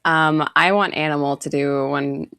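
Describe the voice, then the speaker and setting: A woman's voice: deep voice, fairly even intonation, unhurried, creaky, a bit bright, smooth, dry recording. A woman co-hosting a podcast in casual chat, enthusiastic and giggly in her banter. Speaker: podcast co-host.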